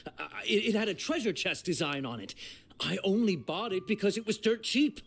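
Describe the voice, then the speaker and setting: A man's voice: sits high, expressive, moderate pace, vocal fry, a bit bright, a little hiss or hum, exaggerated voice. A jittery stammering young guy. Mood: nervous. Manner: nervous, stammering, defensive. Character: jittery young man caught in a shady deal. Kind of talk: video game voice acting.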